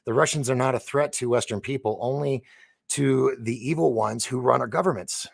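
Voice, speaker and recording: A man's voice: mid-range voice, vocal fry, no room sound. A man hosting a casual live stream, reading news aloud, tripping over names and answering viewer comments. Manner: reads news aloud haltingly, stumbles on names, chats with viewers.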